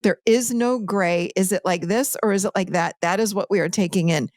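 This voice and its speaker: A woman talks through ideas in a conversational teaching style, lively and animated as she tells stories. Her voice sits mid-range and the sound is dry and close. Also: mid-range voice, a little fast, no room sound. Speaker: podcast guest, author.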